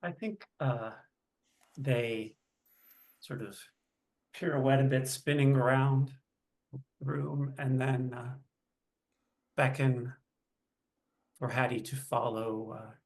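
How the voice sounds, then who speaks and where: A man playing a tabletop game, describing his character in a halting way with many pauses and fillers. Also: medium pitch, a little mellow. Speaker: player.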